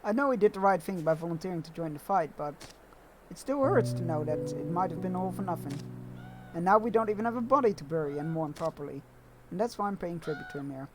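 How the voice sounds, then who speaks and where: A man's voice: high voice, lively intonation, fast, noisy background. A man reading aloud the lines of a grieving young woman who resents her family, in a wistful, bitter tone. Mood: mournful.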